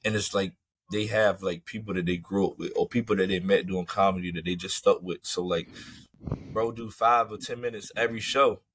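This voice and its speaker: Laid-back comedian man, low and dry. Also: steady tone, a little fast, fairly bright tone, no room sound. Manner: laid-back, rambling, fillers like "man" and "you know". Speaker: comedian guest. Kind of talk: casual interview chat.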